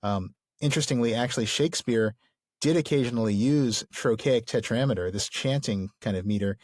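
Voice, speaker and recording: A man's voice: medium pitch, a little fast, darkish tone, dry recording, clean studio sound. A man co-hosting a podcast, explaining literature casually and enthusiastically, with plenty of fillers. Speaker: podcast co-host.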